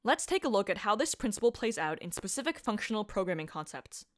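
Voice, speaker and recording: A woman's voice: mid-range voice, very animated, quick pace. A woman lecturing on programming in a scripted voice-over, upbeat and playful with punchy asides. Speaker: computer science lecturer.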